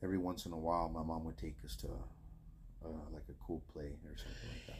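A man talks casually on a podcast in a very deep, low voice, swearing loosely and trailing off. Faint noise sits under the recording. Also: level tone, a little fast. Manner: laid-back, profane, mumbling asides. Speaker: podcast co-host. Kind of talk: casual chat.

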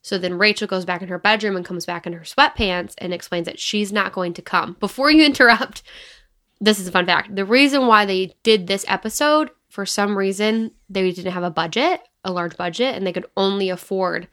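Bright-voiced young woman chatting. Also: mid-range voice, moderate pace. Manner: chatty storyteller, laughs easily. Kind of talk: casual chat.

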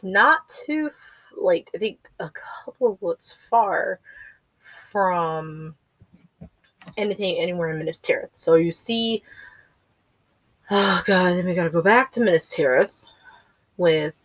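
A woman's voice: lowish voice, lively intonation, measured pace, long pauses, fairly bright tone, no echo, highs cut off. A woman podcast host rambling through a casual movie recap, swearing, laughing nervously and apologizing as she goes.

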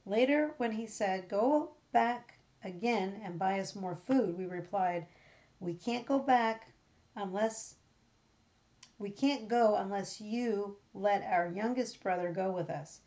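A woman's voice: medium pitch, slow, darkish tone, close to an everyday voice. A woman reading as a pleading elder brother. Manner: earnest, read aloud with small slips. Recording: dull lo-fi recording.

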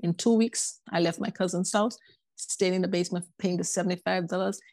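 Low, gravelly woman telling her story. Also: a little fast, dry recording. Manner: animated, acts out quoted voices. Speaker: podcast guest. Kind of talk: casual personal storytelling.

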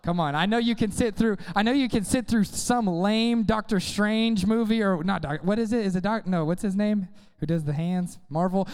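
A man preaching a sermon to young people, energetic and casual, often calling on the crowd to respond. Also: high voice, moderate pace, few pauses, clear, resonant tone, big-room sound. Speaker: youth pastor.

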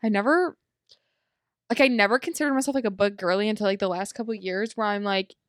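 A woman's voice: mid-range voice, quick pace, no room sound, studio quality. A young woman co-hosting a podcast, chatting casually and telling stories dramatically with lots of "like". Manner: bubbly, dramatic storytelling with lots of "like". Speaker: podcast co-host. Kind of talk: casual chat.

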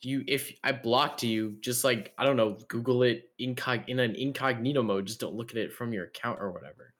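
A young man in casual podcast chat tells a story with lots of energy, slang and swearing. His voice sits at an ordinary middle pitch. He laughs often between lines. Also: a little fast, a bit bright. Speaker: podcast co-host.

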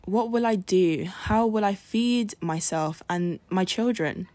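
A woman's voice: mid-range voice, slow, mellow, no echo, lightly acted. A woman voicing a sly, scheming male rabbit trickster in a spoken folk tale, with a coaxing, wheedling manner. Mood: worried. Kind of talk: storybook reading.

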